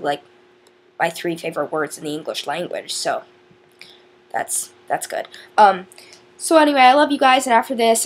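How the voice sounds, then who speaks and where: A woman's voice: lowish voice, a little hiss or hum. A woman vlogger chatting casually through a question challenge, giggly and rambling, often stopping to restart her sentences. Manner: chatty, giggly, self-interrupting.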